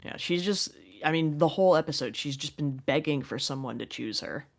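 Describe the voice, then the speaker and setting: Low-voiced woman, rambling podcast chat. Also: fairly quick. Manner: rambling with many fillers and restarts. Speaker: podcast co-host. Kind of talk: casual recap chat.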